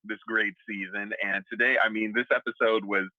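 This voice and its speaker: A man's voice: fairly low pitch, steady tone, moderate pace, no room sound, lo-fi sound. Laughing man recapping a TV episode. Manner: laughs often, acts out characters' lines. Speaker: aftershow co-host. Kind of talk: casual TV recap chat.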